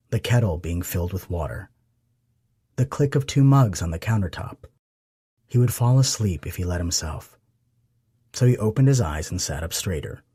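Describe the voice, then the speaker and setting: A man narrating an audiobook romance in a soft, intimate reading. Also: low voice, husky, no room sound, studio quality. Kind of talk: scripted narration.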